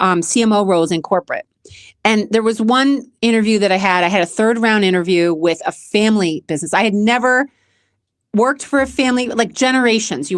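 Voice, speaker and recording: A woman's voice: fairly high pitch, no echo. Middle-aged woman, channel host, candid and emotional storytelling, dry close sound. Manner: emotional, repeats herself, addresses viewers as guys. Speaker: host of a self-help channel.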